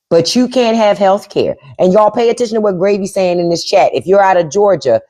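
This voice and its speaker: A woman's voice: on the low side, a little mellow. A woman hosting a casual livestream, talking bluntly and with profanity while answering the chat. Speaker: podcast host on a livestream.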